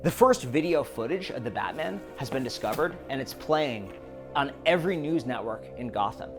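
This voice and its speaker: A man casually narrating a retold film story in an animated way, with music underneath. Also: medium pitch, moderate pace. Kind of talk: storytelling retelling of a film plot.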